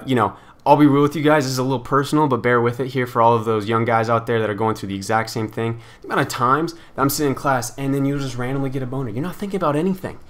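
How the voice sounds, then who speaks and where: A man's voice: medium pitch, a bit bright. A young man casually answering viewer questions in a frank, rambling way, with lots of filler words. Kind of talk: casual Q&A vlog chat.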